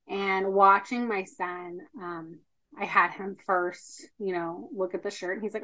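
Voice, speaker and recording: Podcast guest, woman, 30s, lowish voice, earnest storyteller with lots of fillers. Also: flat delivery, measured pace, a bit bright, poor audio. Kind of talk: casual interview.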